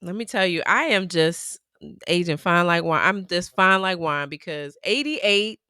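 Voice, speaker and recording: A woman in her forties from New York co-hosts a casual podcast. Her voice is bright and crisp, and she slows into a drawl when she reminisces. The sound is dry and close on the mic. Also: on the low side, no room sound. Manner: animated storytelling, laughs often, drawls when reminiscing. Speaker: podcast co-host. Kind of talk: casual chat.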